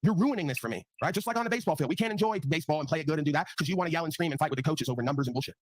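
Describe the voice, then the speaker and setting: Rapid-fire and on the high side, a man's voice carries a blunt, profane rant as he hosts a live online panel, repeatedly tacking "right?" onto his points. There's no room sound in the recording.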